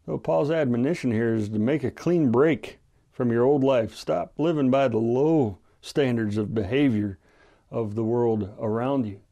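Gravelly-voiced man preaching a Bible study. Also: medium pitch, dark tone, muffled recording. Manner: measured, earnest preaching with scripture readings. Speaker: pastor. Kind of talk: radio Bible-study sermon.

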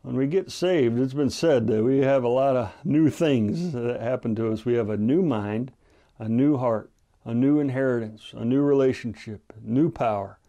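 A man, the pastor, teaching an earnest, measured radio Bible-study sermon and reading scripture aloud. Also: medium pitch, creaky, dark tone.

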